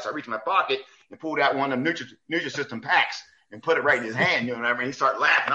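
A man, a basketball referee and guest, telling animated anecdotes in a casual chat, acting out quoted lines and restarting often. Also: medium pitch, fast talker, dull audio. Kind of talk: animated storytelling in a podcast chat.

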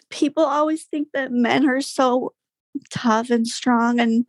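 A woman's voice: on the high side, steady tone, takes it slowly, dry recording, clean studio sound. A young woman guest telling a personal story in casual conversation, candid, with frequent fillers and sighs.

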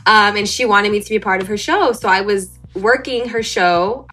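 A young woman speaking as a guest in a relaxed interview, at an ordinary middle pitch. She tells her story in an animated way and acts out each quoted line with sudden leaps in her voice. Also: normal speed.

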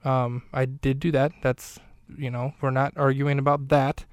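A man's voice: mid-range voice, level tone, measured pace, smooth, dry recording. A man hosting a podcast, casually recapping a film scene in a rambling, talkative way, with lots of fillers and self-corrections, close to a studio mic. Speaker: podcast host.

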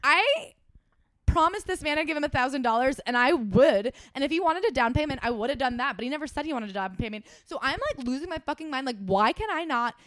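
A young woman co-hosting a podcast, telling an animated story with swearing and acted-out dialogue. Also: high voice, fast, dry recording, studio quality. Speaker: podcast co-host. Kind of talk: casual chat.

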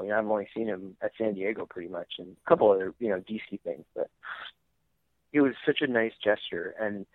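A man's voice: lowish voice, dry recording. A man, a comic book writer guest, telling stories in a candid, rambling way, often breaking off mid-sentence and laughing as he talks. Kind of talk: candid conversational storytelling. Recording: tinny phone-line sound.

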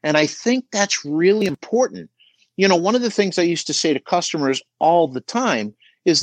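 A middle-aged man coaching on a podcast, emphatic and animated, asking rhetorical questions as he talks. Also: fairly high pitch, moderate pace, no echo. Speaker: auto shop business coach guest. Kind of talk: podcast conversation.

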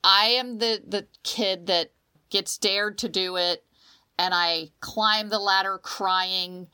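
A woman's voice: mid-range voice, slow, clean tone. A woman co-hosting a casual talk show, telling stories with emotion and often repeating words as she starts her sentences. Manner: emotional, animated storytelling with dramatic quoted voices. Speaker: podcast co-host. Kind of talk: casual chat.

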